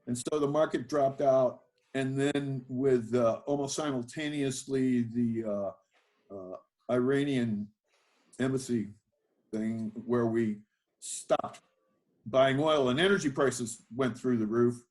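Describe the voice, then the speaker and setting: Speaking slowly in a medium-pitched, darkish voice, an older man who makes wine recounts his life during an interview. He pokes fun at himself and meanders, stumbling through fillers and false starts.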